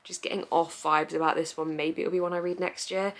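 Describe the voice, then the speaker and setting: A woman's voice: deep voice, flat delivery, a little fast, creaky. A young woman chatting casually on her reading vlog, rambling, giggly and easily sidetracked. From England. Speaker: book vlogger.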